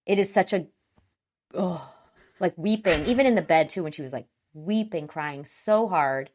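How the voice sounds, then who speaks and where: A woman with a fairly low voice chats casually as a podcast co-host. She recaps a TV episode and acts out the scenes with little voices and sound effects. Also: animated, moderate pace, a little mellow, slight background noise.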